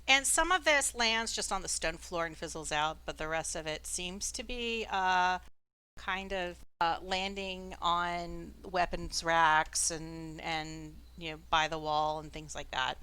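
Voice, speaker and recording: Bright-voiced woman running a tabletop game. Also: lowish voice, measured pace, clean tone. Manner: casual, hesitant narration with fillers. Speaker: dungeon master. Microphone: online voice chat.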